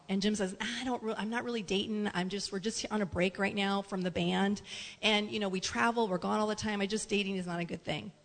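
A woman's voice: medium pitch, fairly bright tone. A middle-aged woman with a mid-range voice tells a story to an audience. She rambles with fillers and acts out what people said. Her voice rings with a long hall echo. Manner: chatty, rambling, many fillers and acted quotes. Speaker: wife telling a couple's story. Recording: reverberant hall.

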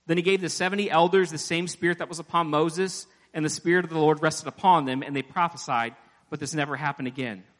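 A man preaches in a church with a slightly high voice, and long reverb trails each phrase around the big hall. He talks to the congregation in a casual way, jokes about himself, and acts out the prayers he quotes. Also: fairly even intonation, quick pace. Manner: conversational preaching with self-deprecating asides, acting out quoted prayers. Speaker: pastor. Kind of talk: sermon.

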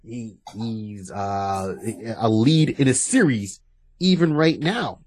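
A man with a slightly husky voice, talking casually as a podcast co-host. He rambles, restarts his sentences and gets animated as he makes his case. His pitch sits in an ordinary middle range. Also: slow pace. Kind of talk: casual chat.

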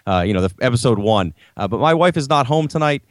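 A man co-hosting a podcast over a video call, casual chat with a wry, deadpan manner. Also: medium pitch, fast talker, dry recording, studio quality. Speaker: podcast co-host.

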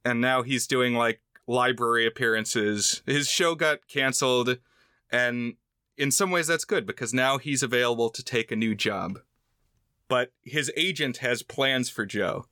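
Man, podcast co-host, casual plot recap, bright tone, crisp voice. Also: medium pitch, a little slow, no echo, studio quality. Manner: relaxed plot recap with asides. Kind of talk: casual movie discussion.

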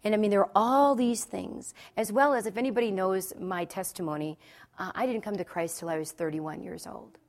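Woman, conversational sermon, emphatic repetition, personal stories, mid pitch. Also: brisk. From New Jersey and Philadelphia, USA. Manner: emphatic and repetitive, storytelling with asides. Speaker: Christian speaker addressing wives.

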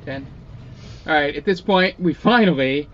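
A man's voice: on the high side, unhurried, highs cut off. A man narrating as game master at a tabletop game, loose and rambling with many fillers.

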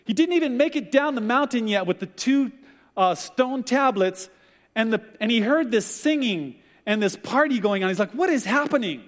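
Male pastor, sermon; higher voice, acts out quotes with animation; long room reverb. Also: lively intonation, moderate pace.

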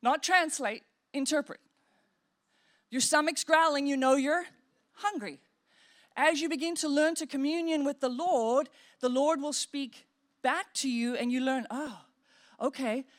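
A woman pastor preaching a sermon in an animated way, acting out inner voices and demonstrating praying in tongues. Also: high voice, a little slow.

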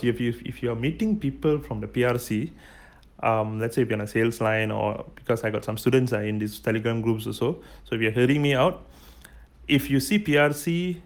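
A man teaches Mandarin phrases in a relaxed, chatty lesson. His voice sits at an ordinary pitch with a gravelly edge, and he spells words out letter by letter, explaining each step patiently. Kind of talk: casual spoken language lesson.

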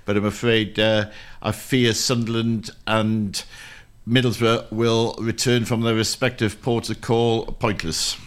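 A man's voice: on the low side, level tone, a little slow, clean tone. A man hosting a radio football show, chatty and teasing, now and then stumbling over words.

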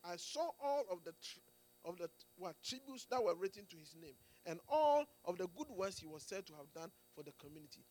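A man's voice: sits high, big pitch swings, fairly quick, darkish tone. A man preaching a sermon in an emphatic way, often restarting phrases and checking in with the congregation. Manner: emphatic, with frequent restarts and "Amen"s and "Do you get it?".

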